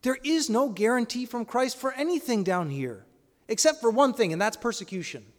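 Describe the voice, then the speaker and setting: A man preaching a sermon, leaning on rhetorical questions and swinging between loud emphatic lines and quiet, hushed ones. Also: very high voice, lively intonation, normal speed, in a large hall.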